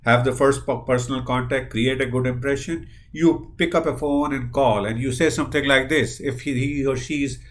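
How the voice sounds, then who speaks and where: A man giving an earnest recorded business lecture, pausing on frequent fillers and acting out sample dialogue. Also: medium pitch, fairly even intonation, a little hiss or hum. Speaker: business trainer.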